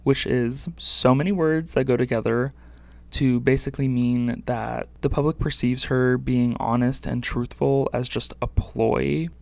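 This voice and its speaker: Chatty man with a gravelly voice. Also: mid-range voice, a little mellow, no room sound. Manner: chatty, uses "like" often. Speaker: podcast host. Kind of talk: solo music podcast commentary.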